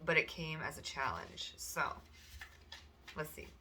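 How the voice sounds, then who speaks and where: A woman talks her way through a pick-a-card tarot reading in a relaxed, chatty manner. Her voice sits a little low but sounds bright and forward. Now and then she jumps into high, animated voices to act out the people she describes. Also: unhurried, a little hiss or hum.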